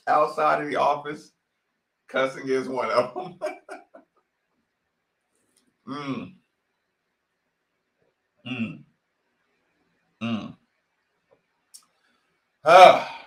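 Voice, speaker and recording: Podcast host, man, heated ranting delivery, unhurried and high-pitched. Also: creaky, fairly bright tone, echoey room. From Asheville, North Carolina. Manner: heated, ranting, laughs often, cusses. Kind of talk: opinionated sports talk.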